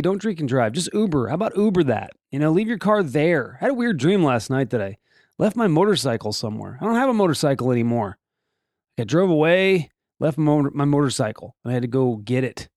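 A man's voice: medium pitch, darkish tone, dry recording, studio quality. A man hosting a show, reading offbeat news stories in a comedic way and breaking off for joking asides and rhetorical questions. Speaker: host.

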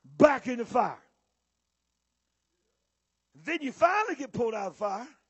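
High-voiced shouting male preacher. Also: very animated, husky, dry recording. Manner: preaching with shouts and drawn-out emphasis. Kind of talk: sermon. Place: church or conference hall with audience.

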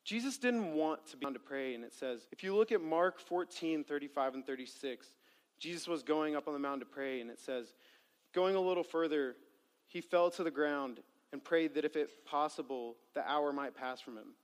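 Male preacher, slightly higher-pitched, earnest scripture reading and sermon, phrases trailing off low and quiet, reverberant church hall. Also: expressive, moderate pace.

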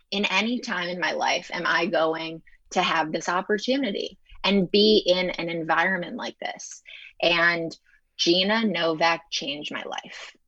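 A young woman from Chicago, a chef and TV host, tells her career story as an interview guest. She talks fast and animated, with a fairly low voice for a woman, recorded dry and a little dull. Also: husky, no room sound. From Chicago, United States. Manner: fast, animated, acts out quoted dialogue.

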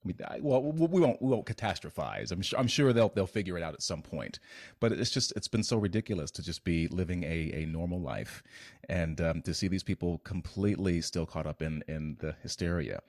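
Low voiced guy hosting an interview, kinda halting, stumbles over words. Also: expressive, darkish tone, no echo, studio quality. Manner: halting, repeats words while thinking. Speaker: interview host. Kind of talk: conversational interview.

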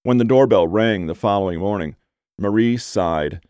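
A man narrating an audiobook in a measured, even storytelling manner. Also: lowish voice, no room sound. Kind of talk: scripted narration.

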